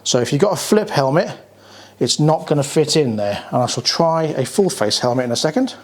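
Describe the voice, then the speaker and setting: A man's voice: on the high side, lively intonation, fairly quick. A British man giving a casual, plain-spoken walkaround review of scooters, pointing out features as he goes.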